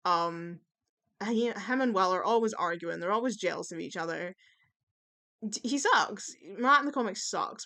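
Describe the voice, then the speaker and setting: A woman's voice: mid-range voice, normal speed, sharp tone. Chatty, opinionated woman vlogger. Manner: chatty and opinionated, with frequent fillers and casual swearing. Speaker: YouTube commentator. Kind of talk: casual tier-list chat.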